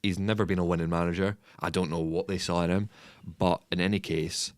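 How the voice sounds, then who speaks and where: Male co-host, very low voice, relaxed and hesitant, dry sound. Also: brisk, dry recording. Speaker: podcast co-host. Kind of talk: casual football chat.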